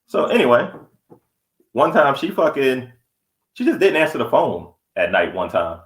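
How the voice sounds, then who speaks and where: A man's voice: mid-range voice, very animated, normal speed. A young man co-hosting a podcast, telling blunt, profane stories in casual chat. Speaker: podcast co-host. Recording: echoey room.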